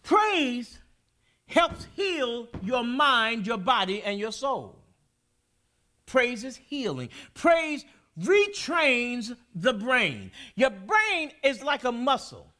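A man preaching a sermon as pastor in a church, building to loud, shouted peaks. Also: very high voice, very animated, slow pace. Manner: preaching with rising, shouted peaks and call-and-response. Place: church sanctuary.

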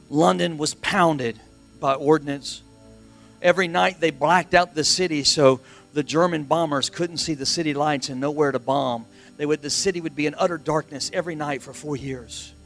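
A middle-aged man preaching a sermon as pastor, driving points home with emphatic repetition and swings from hushed to loud. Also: fairly high pitch.

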